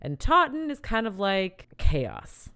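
A woman's voice: medium pitch, big pitch swings, slow pace, bright, forceful tone, no room sound. A woman co-hosting a board game podcast, chatting casually with a dry, teasing wit. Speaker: podcast co-host. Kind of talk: casual chat about board games.

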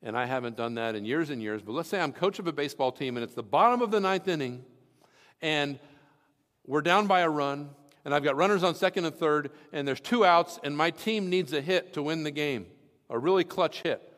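Pastor preaching in an echoing hall. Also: male voice, on the high side, a little fast, fairly bright tone. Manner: earnest teaching tone with scripture readings and everyday examples. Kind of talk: sermon.

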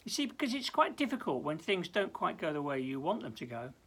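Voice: medium pitch, big pitch swings, brisk, fairly bright tone, husky. A minister giving a short devotional talk, speaking earnestly with many stammered restarts and acting out prayers with rising intensity. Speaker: church minister.

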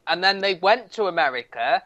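A man's voice: sits high, lively intonation, a little fast, bright, forceful tone, no echo, muffled recording. A man co-hosting a TV review podcast, making dry jokes and insisting on his point. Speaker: TV reviewer co-host. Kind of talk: casual chat reviewing TV.

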